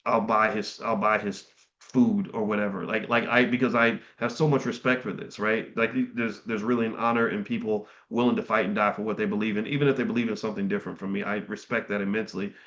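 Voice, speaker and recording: A man's voice: on the low side, little pitch movement, fast, a bit bright, highs cut off. Earnest middle-aged man on a livestream. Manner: heartfelt, repeats words and restarts sentences. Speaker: livestream host. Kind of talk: earnest livestream talk to chat viewers.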